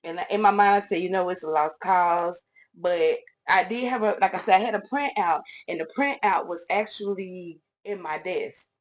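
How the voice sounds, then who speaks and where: A woman's voice: fairly low pitch, moderate pace. A woman vlogger chatting through a casual get-ready-with-me storytime at home, talking straight to her viewers as y'all and acting out the voices of people in her story. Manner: acts out voices in retold conversations. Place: at home doing her makeup.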